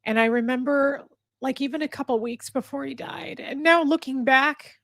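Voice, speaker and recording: A woman hosting a livestream, talking candidly and earnestly to her viewers, halting and restarting her sentences. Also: high-pitched, a bit bright, no echo, studio quality. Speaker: livestream host. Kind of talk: candid emotional talk to viewers. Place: indoor room with a fire.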